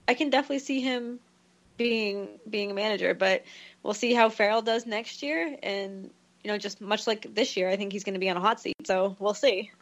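A woman's voice: mid-range voice, a little fast. A woman co-hosting a casual sports podcast, frank and opinionated, with hesitant restarts. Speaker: podcast co-host.

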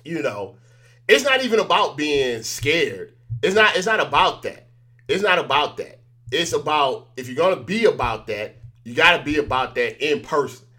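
A man's voice: fairly high pitch, sing-song, normal speed, sharp tone. A man as an interview guest, chatting casually and telling stories animatedly, acting out the exchanges he quotes.

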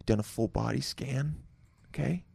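This podcast host kicks things off alone with a loose, profane, joke-filled intro, laughing often along the way. He uses a mid-range voice at a moderate pace, with vocal fry, a darkish tone, and a breathy edge. There's no echo.

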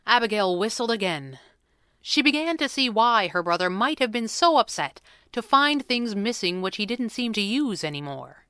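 A woman narrating a storybook in an even, measured way. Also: a little high, clear, resonant tone, no room sound, clean studio sound. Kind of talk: storybook reading.

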